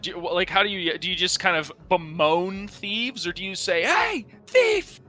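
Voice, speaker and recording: A man's voice: high voice, steady tone, fairly quick, pushed and bright, faint music behind. A man running a tabletop game as game master, narrating casually with frequent swearing and hesitations.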